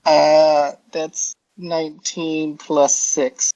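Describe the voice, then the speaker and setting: A man talks slowly through his turn at a tabletop game, wandering through his descriptions with lots of "like" and "um". His voice sits at an ordinary pitch. The recording has a dull, lo-fi sound. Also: flat delivery, warm tone. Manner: rambling and halting, heavy on "like" and "um" fillers. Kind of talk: casual in-character describing of his hero's actions. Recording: dull lo-fi audio.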